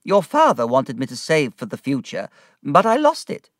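Man putting on a high fluttery old aunt. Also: huge pitch swings, moderate pace, a bit bright, dry recording, studio quality. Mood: flustered. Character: elderly woman, flustered aunt.

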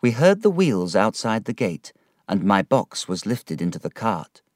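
Male storybook narrator, unhurried delivery, very animated pitch, dry close mic. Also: no room sound. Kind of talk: storybook reading.

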